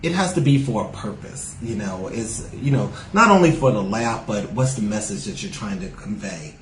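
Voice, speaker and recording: A man's voice: fairly low pitch, animated, normal speed, fairly bright tone, reverberant, a little hiss or hum, rough recording. Chatty New York man with a Southern lilt. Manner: chatty, frequent "you know" fillers. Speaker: stand-up comic guest. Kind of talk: casual podcast interview.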